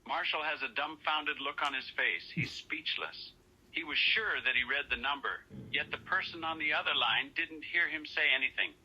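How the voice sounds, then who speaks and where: A man's voice: a little high, normal speed, sharp tone, slightly rough, rough recording. A man on a call who narrates his character in the third person and then acts out his exasperated quoted lines. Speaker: scambaiter posing as a caller.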